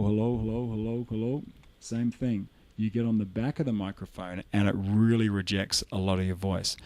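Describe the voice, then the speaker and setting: A man teaching microphone technique in a relaxed, explanatory way, speaking into a studio condenser mic in a home studio and moving around it as he talks. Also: on the low side, no room sound. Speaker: audio engineer demonstrating microphones. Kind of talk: spoken tutorial with live mic demonstrations. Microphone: studio condenser mic at close range.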